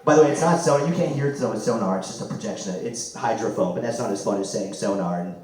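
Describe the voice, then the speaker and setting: A man doing a loud, crude stand-up set, his voice going hoarse. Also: on the low side, fast talker, faint music behind. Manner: loud, crude, rambling jokes. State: losing his voice. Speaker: stand-up comic. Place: comedy club stage. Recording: echoey room, mic far off.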